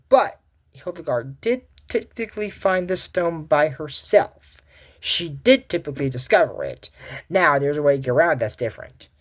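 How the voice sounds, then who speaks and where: A man hosting a video and giving a casual recap of a cartoon episode, rambling with many restarts and asides. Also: fairly high pitch. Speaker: video host.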